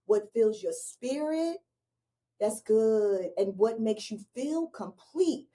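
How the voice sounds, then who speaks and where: A woman's voice: a little high, animated, slow pace, mellow. A woman hosting an interview, encouraging her guest and backing him with frequent affirming murmurs. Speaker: host. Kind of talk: interview talk.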